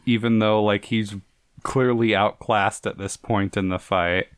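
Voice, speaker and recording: Male co-host, mid pitch, dead-dry close mic, wry film chat. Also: fairly even intonation, measured pace, smooth, no room sound. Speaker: podcast co-host. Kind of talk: casual movie-recap chat.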